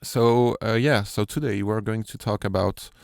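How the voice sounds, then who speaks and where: A low-voiced man with a French accent talks slowly through a tutorial walkthrough, pausing often on fillers and restarts. His voice has a gravelly edge yet stays smooth, and the room is dry. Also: steady tone, no room sound. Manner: hesitant, many fillers and restarts. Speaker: sound designer. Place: home studio.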